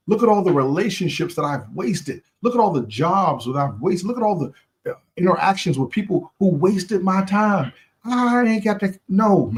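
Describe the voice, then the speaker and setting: A man hosting a live stream, giving an impassioned, preachy motivational talk in casual slang, repeating phrases for emphasis and talking straight to his viewers. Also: fairly high pitch.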